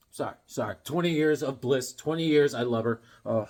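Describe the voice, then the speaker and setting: A man's voice: medium pitch, a little fast, few pauses, darkish tone. A man chatting casually while showing comics, telling dad jokes and rambling stories. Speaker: comic collector.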